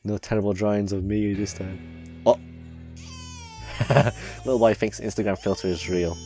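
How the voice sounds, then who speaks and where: A man's voice: fairly low pitch, steady tone, normal speed, dark tone, faint music behind. A man hosting a reaction video, commenting casually on clips, laughing often and swearing freely.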